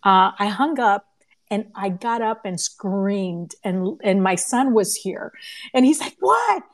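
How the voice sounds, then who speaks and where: Animated woman telling an excited story. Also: mid-range voice, takes it slowly. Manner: animated, laughing, acts out quoted voices. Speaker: conference organizer and podcast host. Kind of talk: casual storytelling in a live audio room. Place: home living room. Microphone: phone or computer mic in a live audio room.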